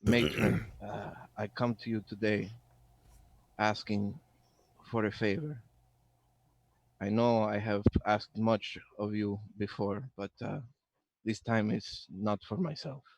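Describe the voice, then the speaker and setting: A man voicing a solemn male warrior in a tabletop game, praying slowly and haltingly. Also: lowish voice, steady tone, creaky, heavily acted, poor audio. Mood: reverent. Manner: slow, halting, reverent prayer. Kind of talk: tabletop role-play in character.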